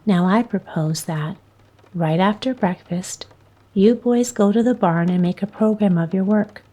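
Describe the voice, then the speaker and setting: A woman reading aloud and voicing an earnest, well-meaning young girl who speaks eagerly. The voice is slow and mellow. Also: mid-range voice, lightly acted. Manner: earnest, eager, at times dismayed.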